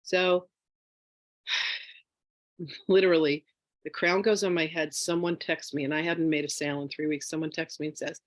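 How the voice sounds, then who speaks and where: A woman telling a personal story in a casual, animated way as a spiritual wealth teacher, with lots of fillers. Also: low voice, moderate pace, pauses often, dry recording. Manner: animated, chatty, with frequent fillers; emotional, near tears.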